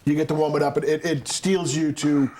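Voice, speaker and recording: Male interview host from Massachusetts, halting and repetitive delivery, a bit higher than average. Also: little pitch movement, noisy background. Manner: halting, repeats words while forming questions. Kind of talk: casual interview.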